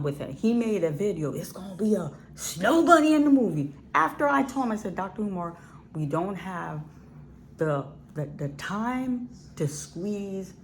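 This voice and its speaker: This woman's voice is fairly low, and slight hiss or hum runs through the recording. She's an indie filmmaker from Ohio, USA, addressing viewers straight to camera in a casual, blunt, emphatic way, doubling up words for emphasis.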